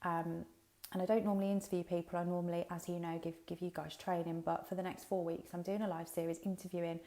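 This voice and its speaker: This business coach's livestream is casual and uncensored: she swears freely and chats straight to viewers through headphones with a mic. Her voice is lowish and warm, with a level tone and quick pace.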